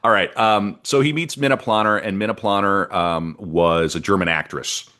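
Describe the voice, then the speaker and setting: A man's voice: fairly low pitch, normal speed, sharp tone. A man co-hosting a history podcast, telling the story in a chatty, rambling way with asides and bits read from his notes. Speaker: podcast co-host presenting the history. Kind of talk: casual history podcast narration.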